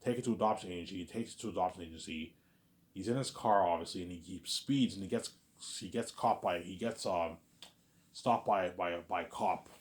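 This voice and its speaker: A man's voice: sits low, a little fast. A man casually retelling a story in a rambling way, repeating words and often adding fillers.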